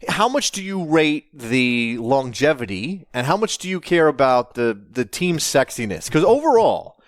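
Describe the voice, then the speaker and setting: A man from Virginia co-hosting a soccer podcast in casual chat, halting and repeating phrases, often laughing. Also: fairly high pitch, big pitch swings, no room sound, clean studio sound. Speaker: podcast co-host.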